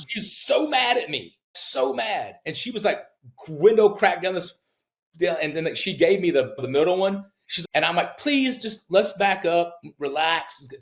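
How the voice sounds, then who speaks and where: A middle-aged man, a home builder and podcast guest, telling stories in casual talk and acting out the people he quotes with big leaps in pitch. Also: moderate pace, vocal fry, roomy sound. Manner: animated storyteller who acts out quoted people with big jumps in pitch. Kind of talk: casual storytelling in a podcast interview.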